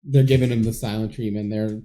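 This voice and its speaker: Guy on a movie podcast, warm mellow voice, dry little jokes while he recaps. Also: fairly low pitch, steady tone, brisk. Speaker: podcast co-host. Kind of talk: casual chat recapping a movie.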